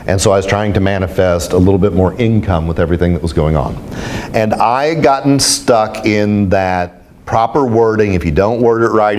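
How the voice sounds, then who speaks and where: A man speaking as a spiritual teacher, telling stories to a group in an animated, self-mocking way. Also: on the low side, slight background noise. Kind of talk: storytelling talk to a group.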